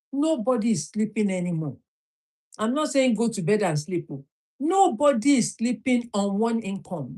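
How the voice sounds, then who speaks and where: A middle-aged woman with a Nigerian accent speaks into her phone as she hosts a live motivational stream. Her voice is very lively, rising and falling widely, and she repeats her lines and fires questions at the listener. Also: a little high. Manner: preachy, repeats phrases, asks the listener questions.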